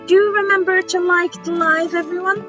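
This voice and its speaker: A woman streaming a game, chatting casually and rambling, with many pauses and ums. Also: very high-pitched, fairly even intonation, dull audio, over music. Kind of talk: casual chat while playing a game.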